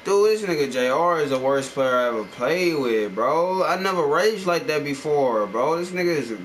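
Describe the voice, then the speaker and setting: A young man hosting a gaming channel, loudly and profanely ranting at a teammate during gameplay commentary. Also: fairly high pitch, lively intonation, moderate pace. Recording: noisy home gameplay capture.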